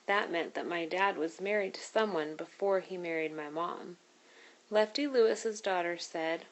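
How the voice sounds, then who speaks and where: Woman, reader, children's novel read aloud, steady, clear storytelling. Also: fairly low pitch, moderate pace, poor audio.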